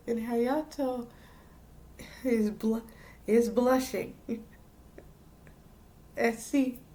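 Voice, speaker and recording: A woman recaps an anime episode in a casual, rambling way, stopping mid-word and starting over. Her voice is high and mellow, and she speaks at an unhurried pace. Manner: rambling with frequent restarts and laughs. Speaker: anime reviewer.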